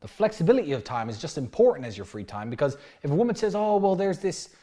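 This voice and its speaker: Brash, animated man lecturing. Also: mid-range voice, very fast. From United Kingdom. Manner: brash and animated, acts out quoted dialogue. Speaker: dating coach. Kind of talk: lecture-style monologue.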